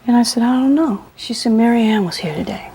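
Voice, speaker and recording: A woman being interviewed tells a personal story with lots of energy, imitating the voices of the people she quotes and laughing often. Her pitch is fairly high, her pace quick, and her voice has a breathy edge.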